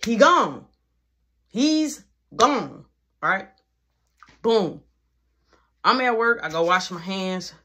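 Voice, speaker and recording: A man telling a story from his life in a casual vlog, animated and full of slang, acting out every voice himself. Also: high-pitched, drawn-out words, long pauses.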